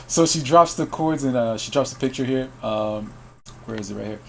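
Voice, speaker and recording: A man's voice: mid-range voice, moderate pace, a little hiss or hum. A man hosting a game news stream, telling a story to call guests in a casual way, often laughing and reading out chat messages.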